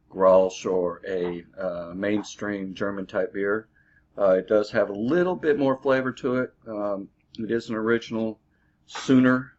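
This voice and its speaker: A man giving a casual beer review, halting and full of fillers, recorded on a dull lo-fi mic. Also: on the low side. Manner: halting, filler-heavy, easygoing.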